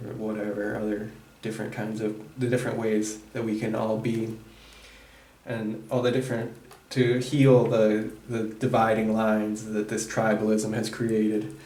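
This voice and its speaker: Halting man giving a tarot reading. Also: lowish voice, a little mellow, a little hiss or hum. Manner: halting, searching delivery with many restarts. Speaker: tarot reader. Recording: roomy echo, distant mic.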